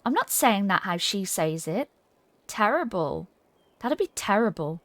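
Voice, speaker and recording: A woman's voice: medium pitch, big pitch swings, a little slow, fairly bright tone, dry recording. A woman streaming a game, chatting casually and giggling while she reads chat aloud.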